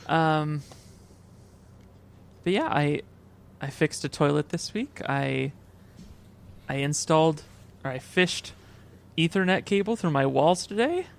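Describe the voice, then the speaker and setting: A man's voice: a little high, expressive, slow, vocal fry, long pauses. A man co-hosting a podcast, rambling through crude joking stories in casual banter. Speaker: podcast co-host.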